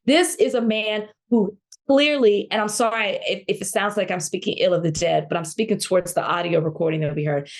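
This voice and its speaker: A woman's voice: medium pitch, brisk. A woman co-hosting a podcast, talking in heated casual chat with passionate indignation, often restarting phrases. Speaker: podcast co-host.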